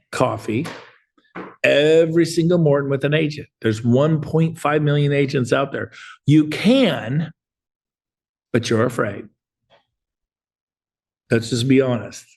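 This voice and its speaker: Gravelly, husky middle-aged man on a call. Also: a little high, unhurried, pauses often. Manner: energetic, rambling, acts out dialogue. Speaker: real estate coach. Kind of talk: motivational talk to agents on a group call.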